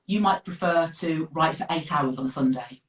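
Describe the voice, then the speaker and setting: A middle-aged woman with a Birmingham accent, chatting as a guest author on a live video call, direct and quick to laugh. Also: sits low. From West Midlands of England. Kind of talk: casual live interview. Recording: echoey room, distant from the mic.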